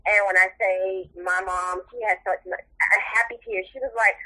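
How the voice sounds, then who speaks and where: Earnest middle-aged woman, bright voice. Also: mid-range voice, steady tone, normal speed, low-quality recording. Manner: tearful, earnest, encouraging. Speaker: interview guest, mother of the subject. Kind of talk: emotional interview talk.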